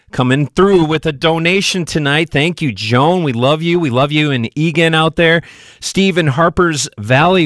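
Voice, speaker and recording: A man's voice: medium pitch, dry recording. A man hosting a live jazz radio show, chatting casually with lots of fillers and asking listeners for donations. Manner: relaxed, chatty, loose with fillers. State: a bit out of breath. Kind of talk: live radio DJ patter and pledge drive. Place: radio studio.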